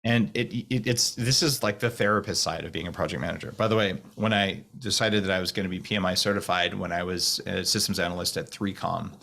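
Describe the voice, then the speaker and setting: A man talking fast and rambling to a group on a call, with many restarts. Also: low-pitched, creaky. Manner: fast talker with restarts, slows voice to demonstrate calm. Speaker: guest speaker on a video call.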